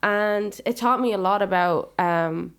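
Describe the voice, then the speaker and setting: A woman with an Irish accent, a singer-songwriter guest, talking earnestly and calmly, often ending with "you know?". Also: mid-range voice, measured pace, smooth. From Ireland. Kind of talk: casual interview chat.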